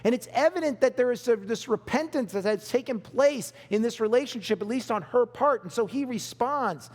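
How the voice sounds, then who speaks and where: A man's voice: extremely high pitch, expressive, normal speed. A male pastor preaching a sermon to a congregation, emphatic and repeating key phrases, laughing along with the crowd. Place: church hall. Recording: long hall reverb.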